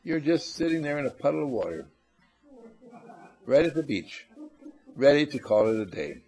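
A man's voice: mid-range voice, sing-song, normal speed, warm tone. A man giving an inspirational talk, playful, acting out little scenes and repeating phrases for emphasis. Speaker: motivational speaker.

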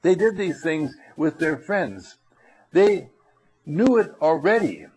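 A man's voice: on the high side, big pitch swings, slow, darkish tone, breathy edge. A man giving a rambling anecdotal talk who often restarts his phrases and acts out characters. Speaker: storyteller.

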